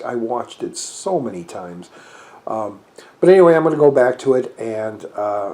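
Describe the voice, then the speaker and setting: A man's voice: mid-range voice, warm tone. Rambling chatty man vlogging. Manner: rambling, chatty, self-correcting; talks while eating. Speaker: movie review vlogger. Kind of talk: casual vlog chat.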